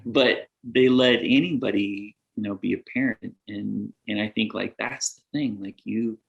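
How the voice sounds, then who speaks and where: A man's voice: fairly low pitch, fairly even intonation, measured pace, vocal fry, muffled recording. A middle-aged man talking earnestly on a podcast as a guest, rambling with lots of fillers and laughing often as he talks. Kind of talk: casual podcast conversation.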